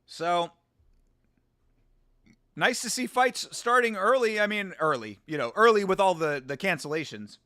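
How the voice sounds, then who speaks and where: Excitable high-voiced man hosting a watch-along. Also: a little slow, long pauses. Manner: excitable, jokey. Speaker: host. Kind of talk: casual fight watch-along commentary.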